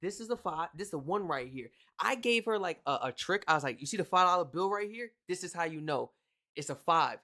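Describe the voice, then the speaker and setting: An American reaction video host giving casual commentary, animated and exclaiming, with slangy asides. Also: mid-range voice, a little fast. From United States.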